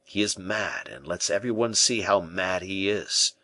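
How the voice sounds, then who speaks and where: A cool, unflappable schemer, read by a man, laying out commands with quiet self-possession. His voice is deep, and the close recording is dry. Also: normal speed, no echo. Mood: confiding, stern. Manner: calm, smooth, persuasive. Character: cool, scheming male musketeer-bishop. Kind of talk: audiobook character reading.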